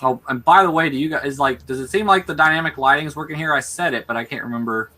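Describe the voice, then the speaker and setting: A man narrating as game master of a tabletop game over an online voice call, relaxed and hesitant with fillers. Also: on the high side, fast talker.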